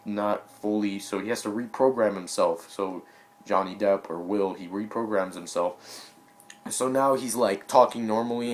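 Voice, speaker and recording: A young man casually recapping a movie he just saw, rambling with lots of fillers, restarts and quick apologetic asides. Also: lowish voice, fairly bright tone. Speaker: movie reviewer.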